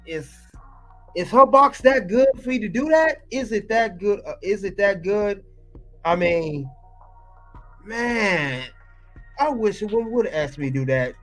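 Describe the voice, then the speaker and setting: A fairly high-voiced man riffing through a casual reaction commentary. He rants with emphasis and circles back to the same points again and again, with faint music under him. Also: animated, measured pace, long pauses, fairly bright tone. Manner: emphatic, ranting, repeats himself.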